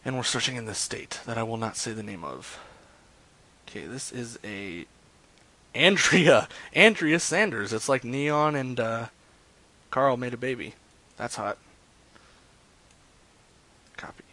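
A man talking casually to a live-stream chat while he sets up prank calls. His voice sits at an ordinary pitch, and his talk is loose and joking, full of fillers and asides. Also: expressive, unhurried, pauses often, pushed and bright. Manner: chatty, loose, jokes with chat, lots of fillers.

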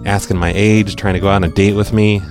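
A man's voice: fairly low pitch, level tone, a little fast, creaky, a little mellow. A man hosting a prank-call podcast, talking casually with a blunt, sarcastic edge. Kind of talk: casual chat. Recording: faint music behind.

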